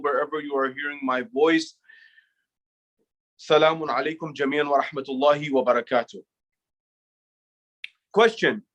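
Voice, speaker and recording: A man with a high voice preaches in a measured way, raising questions and then answering them. The recording sounds a little dull and lo-fi. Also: a bit bright. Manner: measured preaching with Arabic recitation and rhetorical questions. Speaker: speaker at an Islamic center. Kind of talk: sermon.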